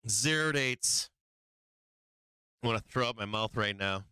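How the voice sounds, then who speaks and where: A man's voice: fairly low pitch, a little slow, bright, forceful tone, clear, resonant tone, no echo. Cursing, fed-up man streaming his trades. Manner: frustrated, swearing, venting, laughing to himself. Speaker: live stream trading host. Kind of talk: profane live trading stream chat.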